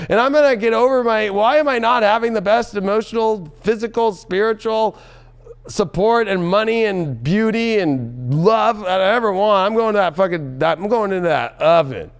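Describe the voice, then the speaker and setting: A man giving a tarot reading in an excitable, loud and profane way, often breaking into laughter. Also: high-pitched, clear, resonant tone. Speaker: tarot reader.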